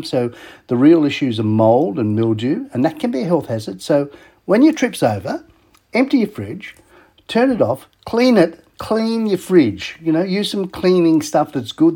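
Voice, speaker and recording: A man's voice: mid-range voice, mellow, husky. A man with an Australian accent hosting a casual radio show, rambling and repeating himself with chuckling asides.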